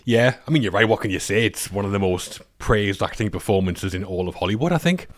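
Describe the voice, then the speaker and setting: A man co-hosting a film podcast, talking through scenes in a measured, analytical way. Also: fairly low pitch, lively intonation, no echo, studio quality. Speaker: podcast co-host. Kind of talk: casual film discussion.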